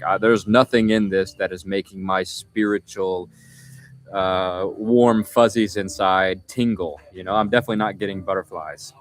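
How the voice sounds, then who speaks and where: Low-voiced young man rambling casually. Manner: rambling, self-interrupting storytelling. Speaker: livestream host. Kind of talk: casual livestream chat.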